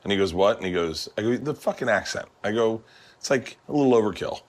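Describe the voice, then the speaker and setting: A man's voice: fairly low pitch, animated, quick pace. A man hosting a casual podcast chat in a kitchen, telling jokey stories with lots of swearing. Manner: profane, joking storyteller.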